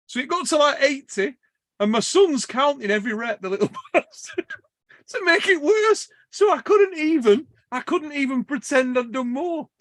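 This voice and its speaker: Bloke, pretty high voice, swearing n laughing thru a story, dry close sound. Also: male voice, normal speed, dry recording. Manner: animated, swears a lot, laughs while telling stories. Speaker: podcast host. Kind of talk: casual storytelling chat.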